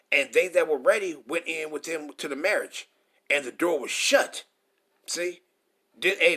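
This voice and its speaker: High-voiced man preaching confrontationally. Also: fairly bright tone. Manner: reads verses then rants with heavy profanity; stumbles over words. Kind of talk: confrontational scripture sermon.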